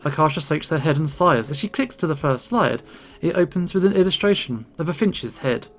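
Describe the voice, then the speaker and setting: Man, visual novel narration, steady, slightly higher voice, faint game music. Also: brisk. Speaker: gaming channel host. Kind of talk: reading a visual novel aloud.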